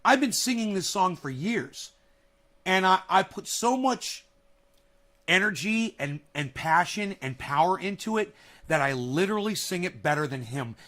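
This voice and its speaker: A man vlogging from home in a casual, rambling monologue, telling a story excitably and swearing often. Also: sits high, a little slow. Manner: animated, profane, excitable storytelling. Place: at home, near a kitchen.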